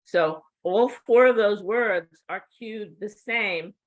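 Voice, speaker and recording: A middle-aged woman teaching cued speech, speaking patiently and checking in with the learner often. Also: medium pitch. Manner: slow, patient, checks in with "okay?". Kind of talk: instructional demonstration.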